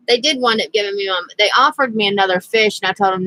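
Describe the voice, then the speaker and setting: A woman's voice: mid-range voice, moderate pace, long pauses, pushed and bright, poor audio. A woman vlogger telling a rambling personal story in a casual, chatty way, laughing now and then. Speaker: crafting vlogger.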